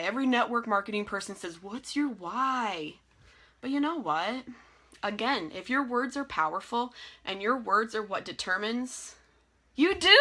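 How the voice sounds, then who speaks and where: Bright, upbeat woman. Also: a little high. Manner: energetic, encouraging, chatty with frequent laughs. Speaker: team leader giving a live training. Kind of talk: casual motivational talk. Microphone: phone or webcam in a live video.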